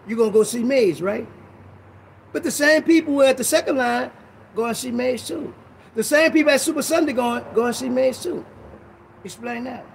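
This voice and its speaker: High-voiced New street preacher. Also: male voice, gravelly, slight background noise, low-quality recording. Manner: confrontational, rhetorical, heavy street vernacular. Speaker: pastor. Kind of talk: informal street-style sermon.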